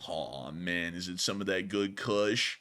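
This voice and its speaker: A man doing a slow, drowsy stoner drawl. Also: fairly bright tone. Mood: dreamy. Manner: slow, low, mumbling drawl. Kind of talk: live-stream war commentary.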